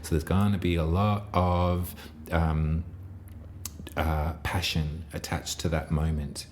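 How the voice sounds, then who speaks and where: A man with a very low voice gives a gentle tarot reading, speaking in a soft, reassuring way. He meanders through his thoughts, trailing off and restarting phrases with long pauses. A faint hiss of ambience sits behind him. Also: flat delivery. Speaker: tarot reader. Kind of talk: intuitive tarot reading monologue.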